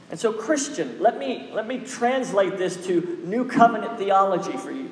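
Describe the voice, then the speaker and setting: High-voiced man preaching in an echoey hall. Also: animated, measured pace. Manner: exhorting, repetitive preaching cadence. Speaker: pastor. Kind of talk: sermon.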